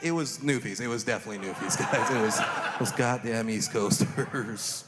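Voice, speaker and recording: A man's voice: on the low side, moderate pace. A man doing a live stand-up routine, telling crude, self-mocking stories in punchy bursts. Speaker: stand-up comedian. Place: live comedy stage. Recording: long reverb hall with steady noise.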